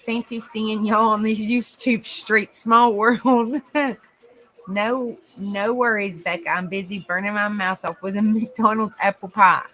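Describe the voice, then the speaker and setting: A woman's voice: medium pitch, fairly even intonation, measured pace, fairly bright tone, rough recording. A woman with a Southern US accent, hosting a casual live stream, chatty and giggly as she greets viewers by name. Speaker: livestream host.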